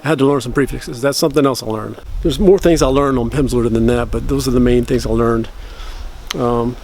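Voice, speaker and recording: A man's voice: mid-range voice, steady tone, darkish tone, slight background noise. Man, casual vlogger, rambling self-correcting explanations, mid-range voice. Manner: slow careful practice of phrases. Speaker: language-learning vlogger. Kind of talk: casual talk to camera.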